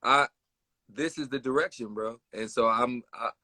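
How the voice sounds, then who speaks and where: Chicago man, livestream guest, bright, slangy, animated storyteller. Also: medium pitch, moderate pace, no echo. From west side of Chicago. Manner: animated storyteller, slangy, addresses listener as bro. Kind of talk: casual livestream chat.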